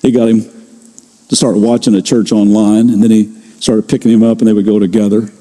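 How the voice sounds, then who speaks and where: An older male pastor delivers a sermon with a mellow, warm tone. He talks like he is telling a story to friends, easing his pace to press home a point. His voice rings out in the long reverb of a big hall. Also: fairly low pitch, level tone. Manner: conversational storytelling, slows for emphasis.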